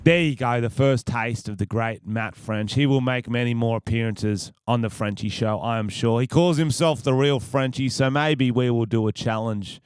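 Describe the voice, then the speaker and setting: Foul-mouthed Australian podcast host. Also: male voice, mid-range voice, moderate pace, hardly any pauses, smooth, dry recording, studio quality. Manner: profane, rambling, laughs at own jokes. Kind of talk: casual podcast storytelling.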